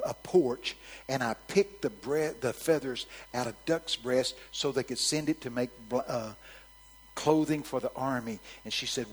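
A man preaching a storytelling sermon, swinging from hushed asides to loud, shouted quotes. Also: medium pitch, big-room sound, rough recording.

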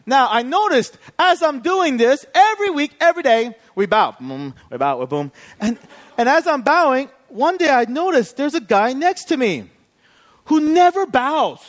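A man's voice: extremely high pitch, very animated, normal speed. A male pastor telling a story in a sermon, acting out both sides of a conversation and laughing along the way.

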